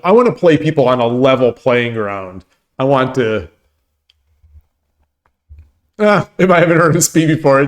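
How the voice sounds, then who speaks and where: A man chats casually on his own stream in a loose, rambling way, often stopping to restart a thought. His pitch sits in the ordinary middle range for a man. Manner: rambling, full of restarts and laughter. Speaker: streamer and host. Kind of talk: casual chat with stream viewers.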